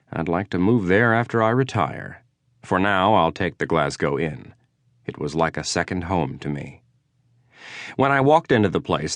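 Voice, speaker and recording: Deep, dry-voiced male audiobook narrator. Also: dry recording. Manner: dry, understated, wry. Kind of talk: first-person audiobook narration. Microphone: close studio mic.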